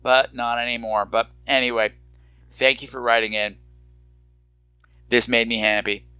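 A man's voice: medium pitch, little pitch movement, measured pace, bright, forceful tone, clean tone, no echo, soft background music. A middle-aged man hosting a horror podcast, campy and theatrical with self-mocking asides. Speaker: podcast host. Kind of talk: horror podcast listener feedback and sign-off.

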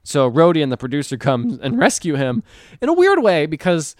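A man's voice: a little high, huge pitch swings, brisk, no room sound, clean studio sound. A man co-hosting a podcast, casually recapping a film in a rambling way and acting out the characters' lines. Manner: rambling storyteller who acts out characters' lines. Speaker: podcast co-host. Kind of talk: casual chat recapping a movie.

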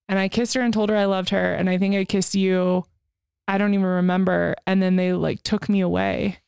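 Clear-voiced woman recalling calmly. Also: mid-range voice, brisk, no echo, clean studio sound. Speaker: new mother. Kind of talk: casual conversation.

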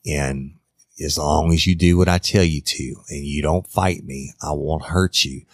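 A man doing a low, menacing abductor. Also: fairly even intonation, unhurried, no echo, clean studio sound. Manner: low, quiet, threatening. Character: menacing male abductor, cold and threatening.

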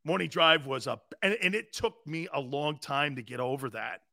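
A man hosts a football talk show and tells stories in a loud, rambling way. His voice sits high and gravelly, with bright, forceful delivery and wide swings in pitch. The sound is close and dry. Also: expressive, normal speed, no echo. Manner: loud, rambling storyteller with frequent laughs. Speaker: host. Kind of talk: animated sports talk.

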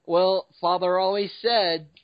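A man's voice: high-pitched, steady tone, slow pace, smooth, no echo. A man co-hosting a casual podcast, easygoing and jokey while moving the discussion along. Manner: laid-back, jokey, moderates the discussion. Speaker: podcast co-host. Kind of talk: casual TV recap chat. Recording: dull lo-fi sound, dry room.

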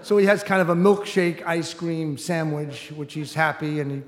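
A middle-aged man whose voice sits on the high side speaks at normal speed, telling his own story to an audience from the stage of a large hall. His style is loose and conversational with frequent "you know" asides, captured with roomy hall reverb.

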